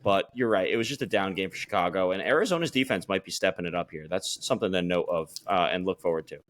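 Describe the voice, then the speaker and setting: A man co-hosting a podcast, talking through fantasy football results in a relaxed, loose way with frequent restarts. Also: low-pitched, quick pace. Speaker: podcast co-host. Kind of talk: casual fantasy football chat.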